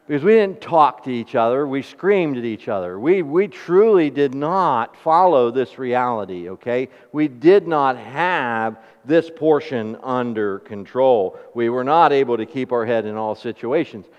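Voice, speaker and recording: A man preaching a sermon, asking the congregation questions and telling homely stories in an animated way. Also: mid-range voice, a little slow, few pauses. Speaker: pastor. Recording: dull recording with long hall reverb.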